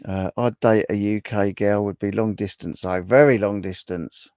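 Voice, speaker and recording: A man's voice: on the low side, steady tone, moderate pace, darkish tone, smooth, no echo, studio quality. A man hosting a casual livestream, reading viewer comments aloud and chatting with them in a bantering, repetitive way. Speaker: livestream host.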